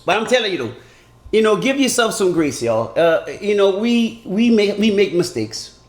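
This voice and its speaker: A man doing an animated comedic monologue that turns earnest and preachy. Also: high voice, normal speed, roomy sound. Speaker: comedian vlogger.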